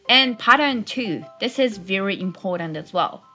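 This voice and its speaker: A woman teaching basic travel phrases in a friendly, encouraging way. She slows right down to model each phrase, her voice rising and dropping through the examples. Soft music plays underneath. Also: medium pitch, lively intonation. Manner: slow, deliberate modeling of phrases. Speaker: Japanese language teacher. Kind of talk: friendly travel language lesson. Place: New Zealand-based channel.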